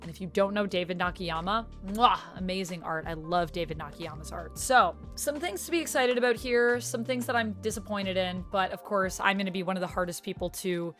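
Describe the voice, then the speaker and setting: A woman's voice: medium pitch, fairly quick, hardly any pauses, a bit bright, soft background music. A woman YouTuber chatting casually in a reaction vlog, gushing as a self-described fan.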